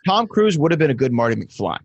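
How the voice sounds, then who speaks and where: Podcast host guy, jokey and chatty, dead dry mic, voice a touch high. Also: big pitch swings, breathy edge, no echo, muffled recording. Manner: chatty, joking, quick reactions. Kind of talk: casual podcast chat.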